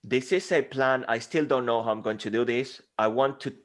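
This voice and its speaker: A man's voice: medium pitch, moderate pace. A man with a Spanish accent, a speaking coach talking energetically and emphatically as an interview guest. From Spain. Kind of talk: interview conversation.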